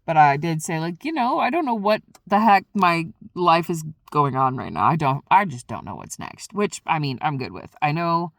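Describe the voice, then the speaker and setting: A woman vlogger tells a rambling story in a casual way and acts out her own past lines. Her pitch swings widely and her voice has a gravelly, creaky edge. The sound is close and dry. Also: very animated, moderate pace, hardly any pauses, fairly bright tone, dry recording.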